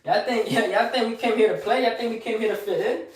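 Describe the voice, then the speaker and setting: Brash high-voiced man hyping himself up. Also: fast talker, very echoey. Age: young adult. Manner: brash, boastful street slang, repeats lines, asks the listener questions. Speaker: motivational vlogger. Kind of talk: live motivational monologue.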